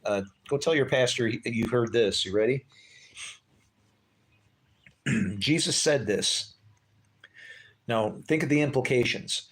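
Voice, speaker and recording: A man's voice: mid-range voice, a little slow, pauses often, a bit bright, slight background noise. A man giving an informal Bible teaching, talking conversationally, asking his listeners rhetorical questions and swearing now and then. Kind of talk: casual unscripted Bible talk.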